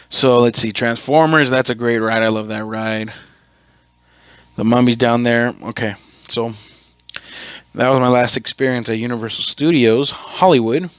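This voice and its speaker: A man's voice: mid-range voice, fairly even intonation, a little slow, long pauses, smooth, no room sound. A man hosting his own podcast, telling a rambling, profane story in a casual way and correcting himself as he goes. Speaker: podcast host.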